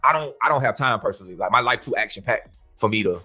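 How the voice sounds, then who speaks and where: A man who owns a music label talks through how he runs his business, quick and sure of himself. His voice sits a little low but has a bright edge. There is faint music behind him. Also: animated, breathy edge. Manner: fast, confident, street-casual. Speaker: music label owner guest. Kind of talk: casual conversation.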